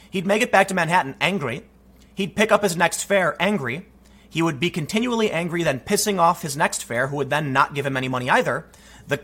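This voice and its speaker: Host type: bright, forceful man, slightly husky, lively spoken commentary monologue. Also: fairly high pitch. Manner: animated storytelling, acts out quoted voices.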